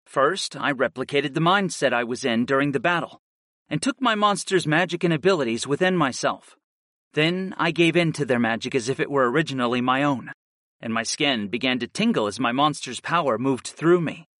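A man narrating a first-person fantasy audiobook in a steady, earnest way. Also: medium pitch, normal speed, dry recording, studio quality.

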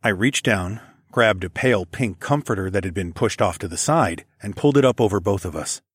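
A man narrating a first-person story in a low, measured, intimate way. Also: expressive, slightly rough, dry recording, clean studio sound.

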